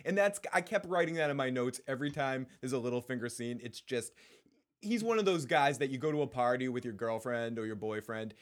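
A man co-hosting a casual TV recap podcast, talking in an animated, profane way and acting out the characters' lines. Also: medium pitch, brisk. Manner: animated, profane, acts out quotes. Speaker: podcast co-host. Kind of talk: casual chat.

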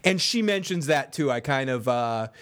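A man's voice: medium pitch, expressive, moderate pace, a bit bright. A man co-hosting a casual recap podcast, swearing freely, laughing often and reading listener comments aloud. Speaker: podcast co-host.

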